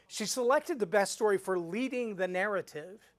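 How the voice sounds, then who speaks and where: A man's voice: sits high, moderate pace. A middle-aged man, a speaking coach, teaching storytelling in a live webinar, acting out the voices he quotes. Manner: animated, acts out quoted voices.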